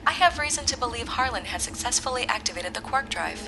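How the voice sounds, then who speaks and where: An actress playing a tense, disapproving undercover agent reporting over a call. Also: female voice, fairly high pitch, lively intonation, fast talker, vocal fry, over music.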